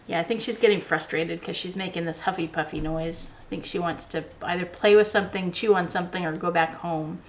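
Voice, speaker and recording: A woman talking casually to the camera as a vlogger, relaxed and chatty, explaining things patiently with everyday examples and frequent ums. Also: on the low side, a little fast, hardly any pauses, a little hiss or hum.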